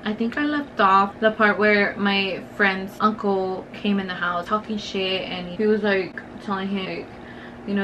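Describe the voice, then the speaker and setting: A woman's voice: mid-range voice, normal speed, fairly bright tone, highs cut off, a little hiss or hum. A young woman, telling a story in casual, profane, filler-heavy talk while doing her makeup on camera. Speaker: beauty vlogger.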